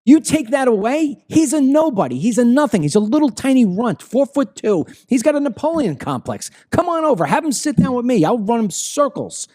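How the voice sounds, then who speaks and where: A man's voice: very high voice, sing-song, brisk, few pauses, mellow. A man hosting a political commentary show, ranting heatedly with frequent profanity and stammering when worked up. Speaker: host.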